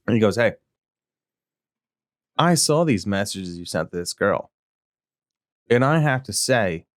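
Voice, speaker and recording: A man's voice: medium pitch, no echo, studio quality. A man co-hosting a podcast, telling a crude story with lots of fillers and acting out quotes in a raised voice. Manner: rambling, crude, full of fillers. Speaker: podcast co-host. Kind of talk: casual podcast chat, storytelling.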